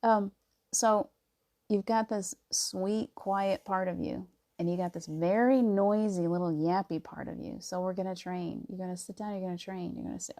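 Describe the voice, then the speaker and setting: A woman giving a casual spiritual talk, laughing often and softening to near whispers as she acts out inner voices. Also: on the low side, steady tone, moderate pace. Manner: soft and gentle, drops to near whispers. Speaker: spiritual teacher.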